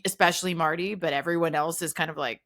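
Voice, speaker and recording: Low-voiced bright woman podcast co-host. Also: quick pace. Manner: animated, acts out quotes, swears freely. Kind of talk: casual chat.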